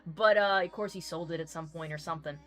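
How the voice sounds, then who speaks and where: A woman's voice: fairly low pitch, fast talker, fairly bright tone. A young adult woman streamer chatting casually, teasing her guests and reading viewer comments aloud. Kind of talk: casual chat on a crochet and gaming stream.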